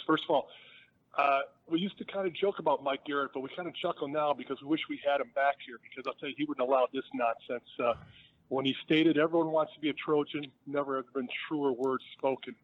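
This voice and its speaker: A man's voice: mid-range voice, steady tone, fairly quick, dry recording. A man calling in to a live sports show, talking in an emphatic, exasperated way. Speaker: caller. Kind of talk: call-in complaint on live television. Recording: tinny phone line.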